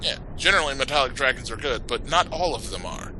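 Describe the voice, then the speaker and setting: A man's voice: mid-range voice, lively intonation, fast, a loud crowd, rough recording. A man co-hosting a game playthrough, laid-back, explaining lore and swearing casually. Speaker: game co-host. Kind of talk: casual let's play chat.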